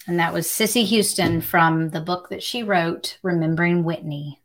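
A woman co-hosting a podcast, talking casually and reading a book excerpt aloud with expressive delivery. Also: lowish voice, moderate pace, few pauses. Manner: reads an excerpt with expressive voices for quoted speakers. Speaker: podcast co-host.

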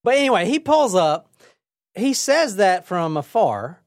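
A young adult woman hosting a casual true crime podcast, telling the story in a lively, chatty way with swearing and acted-out quotes. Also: medium pitch, measured pace, no room sound, studio quality. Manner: lively, swearing, laughs often, acts out quotes. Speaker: podcast host.

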